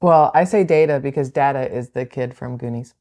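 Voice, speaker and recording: A low-pitched, mellow-voiced woman co-hosts a casual podcast. She talks fast and argues her opinions firmly. There is no studio microphone, so it sounds homemade. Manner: opinionated, argumentative, quick. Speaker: podcast co-host.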